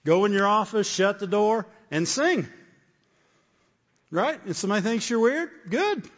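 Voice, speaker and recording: A man's voice: high-pitched, animated, measured pace. A man preaching a sermon with repeated phrases, often asking "Amen?". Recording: dull, echoey hall.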